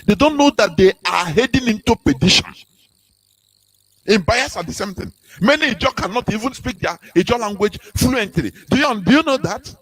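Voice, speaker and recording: A man's voice: sits high, expressive, moderate pace, fairly bright tone, low-quality recording. Fervent man lecturing on radio. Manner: fervent, repetitive, rhetorical questions, sing-song rises. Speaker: radio broadcast speaker. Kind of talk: impassioned preaching talk.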